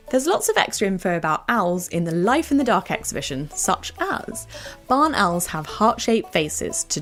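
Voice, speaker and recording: A woman with a British accent hosting a children's educational podcast, telling facts in a bright storytelling way. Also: fairly low pitch. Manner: bright, animated, storytelling to kids. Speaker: podcast host.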